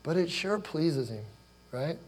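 A man's voice: a little high, lively intonation, unhurried, a little mellow, slight background noise. A man in his forties, a pastor from Ohio, giving a conversational sermon built on personal stories and questions to the congregation. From Ohio, USA. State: choked up with emotion.

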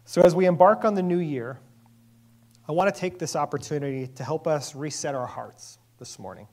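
A man preaching a sermon as a pastor, earnest and measured, with emphatic pauses. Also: a little high, darkish tone.

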